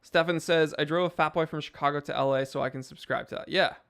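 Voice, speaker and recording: A man's voice: fairly high pitch, fairly even intonation, quick pace, a bit bright, smooth. A man hosting a live stream, reading chat messages and answering in a laid-back, rambling way with lots of fillers.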